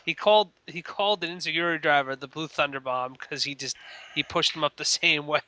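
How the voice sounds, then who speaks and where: Guy on a podcast with a kinda high bright voice, rambles, crude jokes. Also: brisk. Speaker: podcast co-host. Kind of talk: casual wrestling chat.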